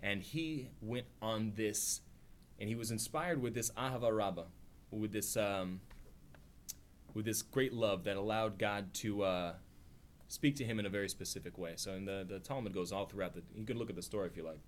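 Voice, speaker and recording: Male study-class teacher, lowish voice, chatty, animated quotes, faint noise underneath. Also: normal speed. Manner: conversational, acts out quotes with rising voice, frequent "right?". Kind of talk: informal religious teaching.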